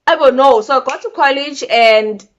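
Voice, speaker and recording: Young woman, South African accent, high-ish voice, blunt animated storyteller, lo-fi audio. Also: normal speed. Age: young adult. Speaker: vlogger. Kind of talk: casual storytime.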